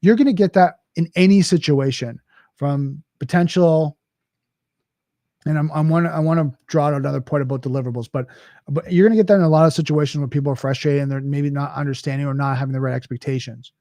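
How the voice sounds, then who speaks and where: A man hosts a podcast in a loose, conversational monologue, often circling back with "right?". His voice sits a bit high for a man, with a mellow, relaxed tone. The recording is dry and close. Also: quick pace, dry recording. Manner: conversational, with frequent restarts and "right?" asides. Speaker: podcast host. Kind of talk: casual monologue.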